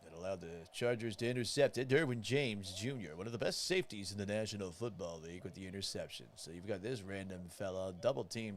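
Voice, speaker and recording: A man's voice: lowish voice, close to an everyday voice. A man doing a grave old grandfatherly newsman. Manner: slow, measured, formal. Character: gentlemanly grandfather, serious newsman.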